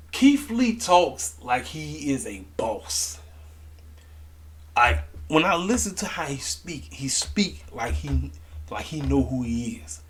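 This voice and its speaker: A man talking straight to his camera about last night's wrestling show, loose and slangy. He leans hard on his points and swings his voice up when something gets to him. His pitch sits in an ordinary middle range. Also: slow pace, a little hiss or hum. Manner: animated, slangy, emphatic. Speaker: wrestling review vlogger. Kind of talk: casual opinionated commentary to camera.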